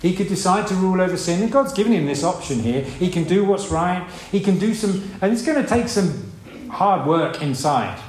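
A man's voice: high-pitched, lively intonation, normal speed, hardly any pauses, darkish tone, a little hiss or hum. A man preaching a sermon in a conversational way, asking rhetorical questions and acting out voices. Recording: echoey room with faint ambience.

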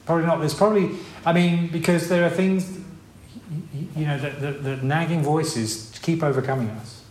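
A man's voice: fairly high pitch, fairly even intonation, normal speed, darkish tone, slight background noise. A man preaching an informal sermon in a conversational, rambling way, with many restarts and asides. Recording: roomy hall with faint ambience.

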